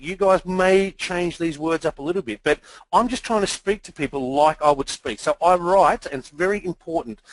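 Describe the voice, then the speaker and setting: A man hosts a live online workshop in a casual, rambling way, stopping and restarting his sentences often. His voice sits a little high for a man. The sound is dry and close, with no room echo. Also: a bit bright. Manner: casual, chatty, with frequent fillers and restarts; reads out template messages. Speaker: webinar presenter.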